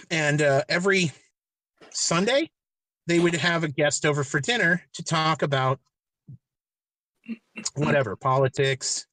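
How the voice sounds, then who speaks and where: A man's voice: fairly high pitch, fairly bright tone, dry recording. A man hosting a podcast, retelling a movie plot in a casual, rambling, profane way with many restarts. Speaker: podcast host.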